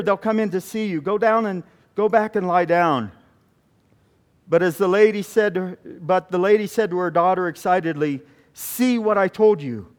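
A man with a high voice preaches in a storytelling way. He retells a testimony, often stopping and restarting his phrases. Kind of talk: sermon storytelling.

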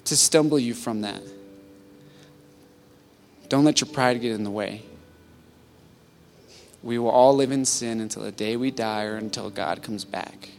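A man preaching a sermon as pastor, earnest, climbing from quiet reflection to loud pleading peaks. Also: medium pitch, unhurried, pauses often, slight background noise. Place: church sanctuary.

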